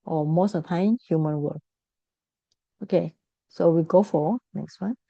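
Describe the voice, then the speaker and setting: A woman's voice: fairly low pitch, unhurried, vocal fry, dry recording, highs cut off. A woman teaching a Buddhist class, explaining patiently, repeating key points and correcting herself.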